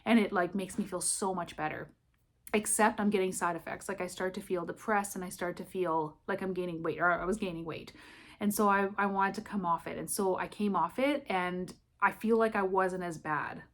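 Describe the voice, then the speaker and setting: A woman's voice: lowish voice, fairly even intonation, normal speed. A woman vlogging at home in her apartment, retelling a personal story in a candid, rambling way full of "I'm like" asides.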